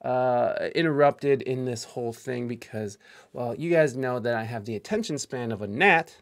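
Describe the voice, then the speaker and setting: A man from Ohio hosts a loose, friendly interview and talks quickly. He rambles, fills his pauses with "uh" and "um", and circles back to restart his sentences. His voice is at an average pitch for a man. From Ohio, United States. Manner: fast, chatty, rambling with many fillers. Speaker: podcast host. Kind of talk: casual interview on a live stream.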